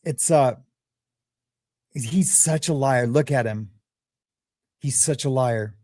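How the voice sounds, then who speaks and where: A man's voice: mid-range voice, slow pace, mellow, no echo, studio quality. A man commenting bluntly and mockingly over news clips in casual talk. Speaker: streamer reacting to a news clip.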